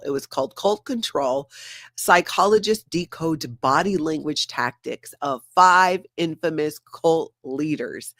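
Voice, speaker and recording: A woman's voice: sits low, no room sound, studio quality. A woman hosting a casual livestream, chatting and reading out viewer comments. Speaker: host.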